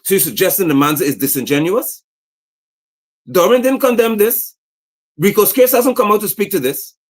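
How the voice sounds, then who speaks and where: Man, livestream commentary, indignant, rhetorical questions, animated pitch, slightly high voice. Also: moderate pace. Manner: indignant, rhetorical questions, reads posts aloud. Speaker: political commentator. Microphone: streaming setup mic.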